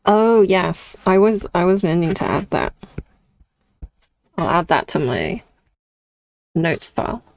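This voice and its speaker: A woman's voice: fairly low pitch, sing-song, slow, vocal fry, long pauses, slight background noise. A young British woman chatting casually with her viewers while drawing on stream, reading chat and laughing often. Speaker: artist streamer.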